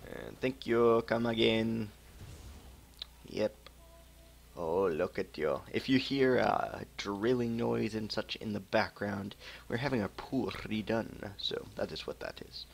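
Gravelly low man streaming a game. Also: unhurried. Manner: joking, laughs often, mutters at the game. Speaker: gamer streaming a match. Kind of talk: casual live game commentary. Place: home room with keyboard typing.

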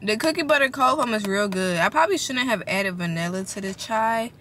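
A young woman talks straight into her phone camera from the driver's seat of her parked car, her voice bright and forward. She chats freely and expressively, drops casual swears, and keeps calling her viewers y'all. Faint ambient hum sits behind her. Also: medium pitch, lively intonation, a little fast. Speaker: vlogger. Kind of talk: casual vlog talk to camera.

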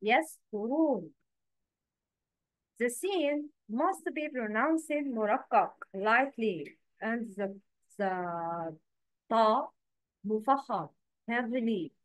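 A woman teaching letter pronunciation in a slow, patient lesson, repeating each word for the learner to echo. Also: a little high, animated.

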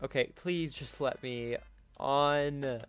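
A young man giving live gameplay commentary, swinging between yelling in frustration and quiet muttering to himself. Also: mid-range voice, slow, smooth. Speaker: gaming YouTuber.

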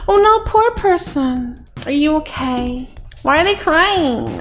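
A woman giving playful gameplay commentary in an excitable way, often gasping and giggling. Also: sits high, slow pace. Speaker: gaming video creator.

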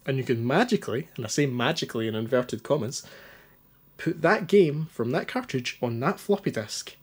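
A man's voice: medium pitch, animated, normal speed, breathy edge. A man rambling through a hands-on gadget demo with a lot of ums and restarts, a bit anxious and stuttering. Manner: rambling, self-deprecating, many ums and restarts. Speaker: retro gaming youtuber.

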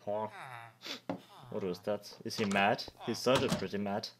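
A man's voice: lowish voice, steady tone, a little slow, background noise. A man giving let's play commentary as a gaming YouTuber, jumpy and talking back to the game characters.

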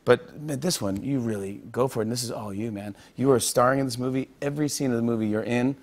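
Excitable late-night talk show host man. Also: mid-range voice, fast. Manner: excitable, lots of fillers and praise. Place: TV studio.

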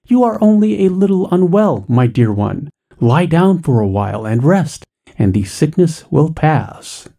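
A man's voice: fairly high pitch, sing-song, measured pace, gravelly, dark tone, pitched above the performer's own voice, exaggerated voice. A man voicing a devoted, defiant young male samurai in an earnest way. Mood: soothing. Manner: earnest, startled.

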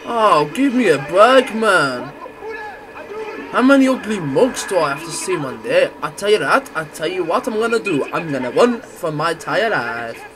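A man giving loud, crude, excitable gameplay commentary. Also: sits high, moderate pace, a crowd in the background. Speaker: gamer.

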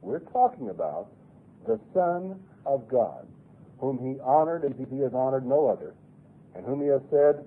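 A man's voice: medium pitch, sing-song, normal speed, breathy edge. A man preaching a sermon, earnestly reading scripture aloud with rising and falling emphasis. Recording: lo-fi phone-like radio broadcast.

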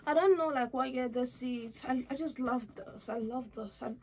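A young woman talking casually at home in a haul vlog, gushing and squealing with excitement over her purchases. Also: sits high, normal speed, a little hiss or hum. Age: young adult. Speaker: vlogger.

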